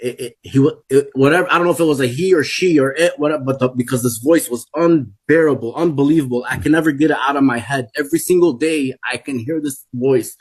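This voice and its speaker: A man's voice: mid-range voice, quick pace, hardly any pauses, breathy edge. A man in his forties giving an earnest, emphatic first-person testimony and repeating key phrases for weight. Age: 40s. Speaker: guest telling a personal testimony.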